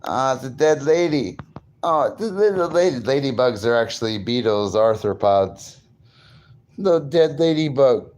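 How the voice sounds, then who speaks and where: A man talking straight to his viewers in a loose, rambling monologue. He brags, swears freely and keeps laughing at his own jokes. His voice sits at an everyday middle pitch. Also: lively intonation, a little slow, a little mellow, lo-fi sound. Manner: boastful, crude and rambling, breaking into laughs. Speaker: vlogger.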